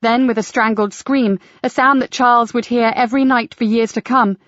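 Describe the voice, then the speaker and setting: A woman reading a crime novel aloud in a steady, measured audiobook narration. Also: a little high, no echo. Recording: dry, slightly dull audiobook recording.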